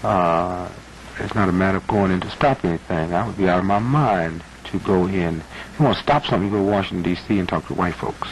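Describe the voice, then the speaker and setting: A man in his thirties with a low voice argues his point emphatically and at a quick pace in an archival interview. His delivery builds to a preacherly intensity. The recording is rough archival broadcast audio with faint noise.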